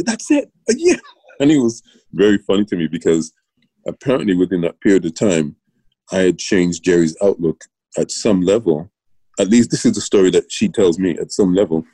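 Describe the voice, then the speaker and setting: A middle-aged man from Britain recounts his coaching days in a casual interview, circling back and restarting as he goes. His voice sits very low and has a mellow, dark tone. The recording is close and dry, with no room sound. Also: a little fast, dry recording, rough recording. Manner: rambling anecdotes with restarts and laughs. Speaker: guest, former Olympian and coach.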